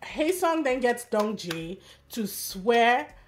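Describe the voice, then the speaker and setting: A woman giving a casual, animated recap of a competition show, telling the story quickly with fillers and quick asides. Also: on the high side, slight background noise. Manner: animated, fast storytelling with fillers and acted quotes. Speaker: recap vlogger.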